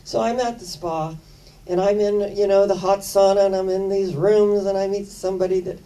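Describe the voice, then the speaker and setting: A woman's voice: mid-range voice, fairly even intonation, normal speed, dark tone, recorded from a distance, poor audio. An older woman minister giving a sermon, telling personal stories in an earnest, conversational way and repeating phrases for emphasis.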